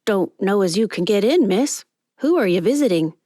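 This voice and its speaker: A woman's voice: mid-range voice, expressive, moderate pace, warm tone, dry recording, clean studio sound, close to an everyday voice. A woman voicing a chatty young male elevator attendant in an audiobook, folksy and gossipy. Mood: suspicious.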